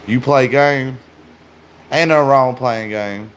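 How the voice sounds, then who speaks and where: A man's voice: mid-range voice, slow pace, lo-fi sound, slight background noise. A man livestreaming, chatting casually and joking profanely with his viewers.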